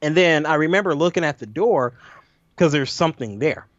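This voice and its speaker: Man, animated storyteller, fairly high voice, swears a lot, dull dry lo-fi recording. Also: a little fast, no room sound. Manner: animated, profane, acts out his own lines. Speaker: podcast co-host. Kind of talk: casual storytelling chat.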